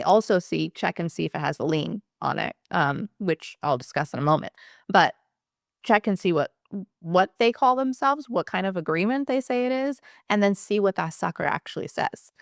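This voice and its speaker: A woman's voice: fairly low pitch, gravelly, dry recording, clean studio sound. A woman employment attorney explaining legal fees straight to camera in a candid, passionate way, swearing casually.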